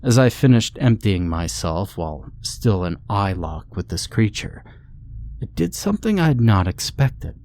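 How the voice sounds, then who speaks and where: A man narrating a horror story in a steady, ominous storytelling manner. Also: fairly low pitch, a little slow, slight background noise. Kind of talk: scripted narration.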